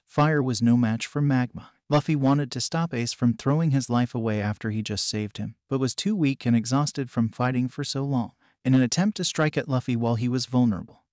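Casting: male fan-story narrator, steady, mid pitch, dry. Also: dry recording.

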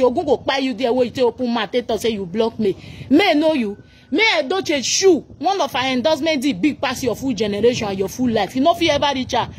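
Speaking fast in a high voice with lively intonation, a Nigerian-accented woman delivers an angry reaction rant. As a commentator she scolds and mocks a celebrity, mixing in pidgin. A slight hiss or hum is audible.

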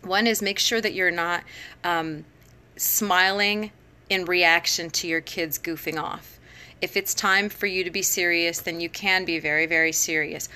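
Woman, middle-aged, bright and chatty host, live-stream advice talk, easy laughs. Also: lowish voice, steady tone, measured pace, clear, resonant tone. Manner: conversational, frequent laughs and fillers. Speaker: teacher and education blogger. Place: home, live phone broadcast.

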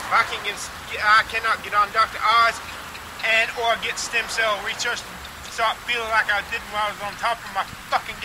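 Bitter, foul-mouthed man with a very high voice, venting to camera over loud street traffic. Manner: bitter, profane, shouting in bursts. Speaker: vlogger. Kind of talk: angry ranting monologue to camera. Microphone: handheld camera. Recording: loud outdoor traffic noise.

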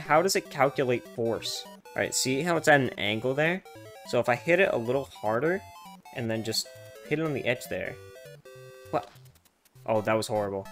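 A young man giving casual, profane gameplay commentary, swinging from loud excited outbursts to low muttering. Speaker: gaming streamer.

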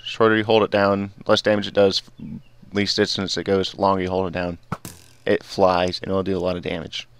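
Low, smooth-voiced man rambling over gameplay. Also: completely flat delivery, a little fast. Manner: rambling, digresses a lot. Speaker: gaming video host. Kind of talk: casual gameplay commentary.

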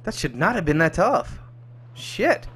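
Young male let's-player, cussing and excitable, slightly high voice. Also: measured pace. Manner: profane, excitable, jokey. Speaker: gaming channel host. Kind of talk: let's play commentary. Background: game music.

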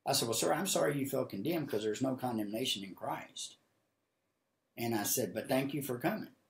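A man preaching a sermon live from his home office, telling stories in a folksy way and rising to loud, high-pitched exhortation. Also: animated, a little fast, gravelly, reverberant. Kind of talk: sermon with acted-out storytelling. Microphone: livestream camera mic.

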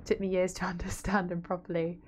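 A woman's voice: fairly low pitch, level tone, brisk, darkish tone, a little hiss or hum. A woman with a Yorkshire accent streaming a video game, chatting casually with viewers and swearing freely. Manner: chatty, reads chat aloud, swears casually. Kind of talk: casual gaming stream chat.

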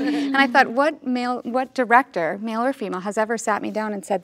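Actress guest in her forties, casual and reflective, frequent restarts, a touch of vocal fry. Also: on the high side, fairly bright tone, slight background noise. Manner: thoughtful, halting, with many restarts. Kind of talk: casual roundtable conversation. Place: studio with a group of guests.

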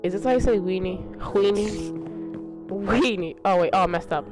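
A man's voice: high-pitched, moderate pace. Young man, gaming stream banter, laughing and teasing, headset mic, faint game music behind. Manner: excitable, laughing, teasing friends. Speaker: streamer playing with friends.

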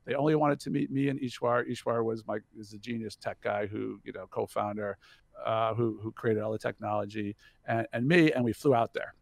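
A man telling an anecdote as a podcast guest, in a casual storytelling style. He acts out the quoted dialogue with animation and stumbles into restarts when he gets excited. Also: fairly low pitch, a little fast, gravelly, no echo. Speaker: podcast guest, company CEO.

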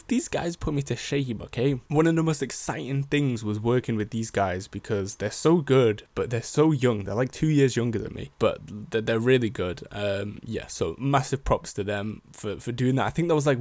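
A man's voice: mid-range voice, normal speed, few pauses, a little mellow, no room sound. A young man from Sheffield with a Sheffield accent, rambling casually in slangy, self-deprecating vlog chat. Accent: Sheffield English. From Sheffield, England. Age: young adult. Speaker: rapper and music producer.

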